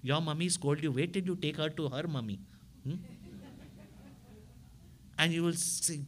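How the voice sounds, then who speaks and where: A man, a spiritual teacher telling stories in a sermon with animated delivery and frequent tag questions to his listeners. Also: fairly high pitch, moderate pace, pauses often, a little hiss or hum. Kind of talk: storytelling sermon.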